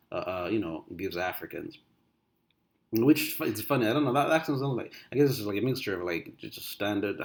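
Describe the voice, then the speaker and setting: Rambling man, lowish voice. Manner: rambling, thinking aloud with many restarts and fillers; swings between loud animated bursts and quiet muttered asides. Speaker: vlogger. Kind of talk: casual spoken monologue.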